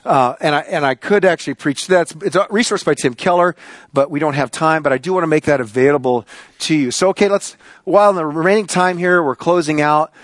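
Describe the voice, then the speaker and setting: Middle-aged man, pastor, high voice, dry close sound, animated sermon delivery. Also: brisk, no echo. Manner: animated storyteller, gets loud and excited. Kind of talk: sermon with a personal story.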